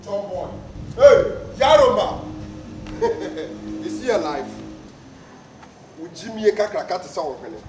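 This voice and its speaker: Loud, teasing man in an echoey room. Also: high voice, animated, fairly quick, long pauses, faint music behind. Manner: loud, shouting out names and teasing. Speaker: comedy actor. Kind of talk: Ghanaian comedy skit acting. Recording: echoey room with faint background noise.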